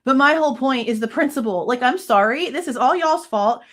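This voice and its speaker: A woman's voice: high-pitched, lively intonation, brisk, fairly bright tone. Angry woman venting on a livestream. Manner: angry, venting, frequent swearing. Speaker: true crime livestream host. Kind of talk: casual livestream commentary.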